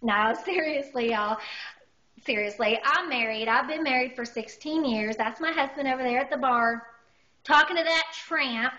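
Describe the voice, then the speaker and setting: High, bright woman doing stand-up. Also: moderate pace. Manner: animated, exaggerated storytelling. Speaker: stand-up comedian. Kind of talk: stand-up comedy routine. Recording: dull lo-fi recording.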